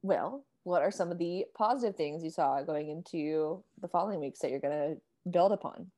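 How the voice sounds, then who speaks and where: Woman host-coach, slightly low voice, easy laughing questions. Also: moderate pace, dark tone. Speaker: interviewer and fellow coach. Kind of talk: casual conversation.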